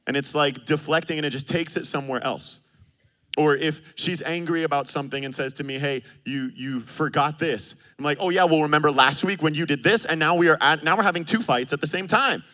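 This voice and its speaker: Bright-voiced male pastor preaching. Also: a little high, fairly quick. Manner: animated, joking, acts out quoted arguments. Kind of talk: sermon.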